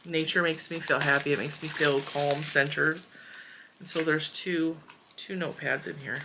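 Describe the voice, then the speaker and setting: A woman's voice: low-pitched, fairly even intonation, normal speed, gravelly, noisy background. A woman in her forties hosting a crochet channel, chatting casually and emotionally as she opens mail, with giggles and fillers. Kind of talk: casual chat unboxing mail.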